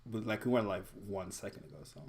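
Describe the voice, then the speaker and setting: A young man co-hosting a casual live-stream chat about music. His voice sits fairly low and carries a gravelly, fried edge. He talks in a laid-back, slangy way and chuckles often. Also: fast talker, a crowd in the background. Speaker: podcast co-host.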